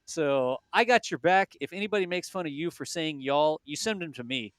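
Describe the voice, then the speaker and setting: Co-hosting a live launch stream, a man with a South Texas accent chats in a folksy way and laughs easily during casual commentary. His voice is a little high and fairly quick, captured in a dry recording.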